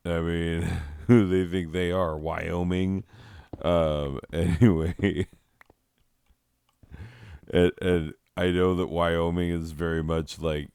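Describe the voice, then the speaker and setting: A man rambling through a solo chat while high, swearing and giggling as he drifts off topic. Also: fairly even intonation, slow, long pauses, a little mellow, clear, resonant tone, no room sound, clean studio sound. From southwestern United States. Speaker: podcast host.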